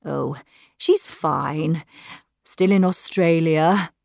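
Woman reader as an older grandfather, soft-spoken and hesitant, unhurried. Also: low-pitched, vocal fry, no echo, studio quality, full character voice. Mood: gentle.

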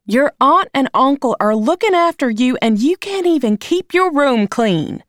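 A woman's voice: high voice, sing-song, a little slow, no echo, studio quality, pitched above the performer's own voice. A woman reading aloud, voicing a bossy older aunt who lectures firmly. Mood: scolding. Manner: lecturing, firm.

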